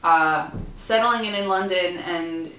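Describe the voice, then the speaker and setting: A woman's voice: on the low side, slow pace, fairly bright tone. Chatty young woman in an echoey room. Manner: chatty, rambling, playful asides. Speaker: vlogger. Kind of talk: casual TV recap vlog. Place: room in a student building.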